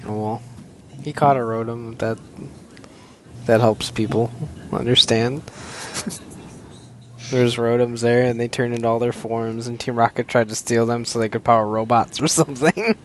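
A man's voice: medium pitch, steady tone, moderate pace, pauses often, a little hiss or hum. A man co-hosting a casual podcast about cartoons, sarcastic and laughing often. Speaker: podcast co-host.

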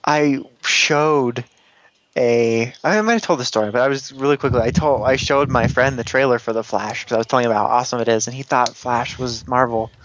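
A man's voice: medium pitch, brisk, fairly bright tone, slight background noise. Giggly rambling man on a lo-fi podcast. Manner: rambling, giggly, lots of fillers and restarts. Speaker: podcast co-host. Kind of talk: casual chat.

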